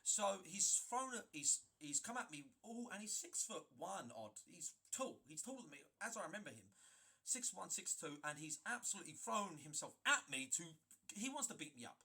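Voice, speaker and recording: Animated husky man telling a story. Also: high-pitched, moderate pace. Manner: animated, emphatic, frequent restarts. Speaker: gaming video creator. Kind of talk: storytelling vlog.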